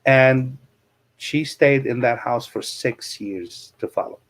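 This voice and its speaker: A man's voice: medium pitch, slow pace. A middle-aged man, a real estate coach and interview guest, telling anecdotes and explaining money matters with plain examples.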